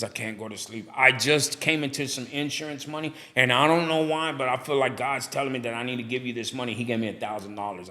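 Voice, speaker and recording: Animated man telling his story. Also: mid-range voice. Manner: animated, preachy storyteller who acts out dialogue. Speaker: barbershop owner and guest. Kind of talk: casual storytelling interview.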